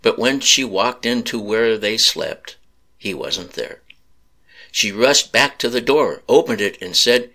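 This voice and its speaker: A man slowly narrating a sad story in a solemn reading voice. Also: lowish voice, animated, bright, forceful tone.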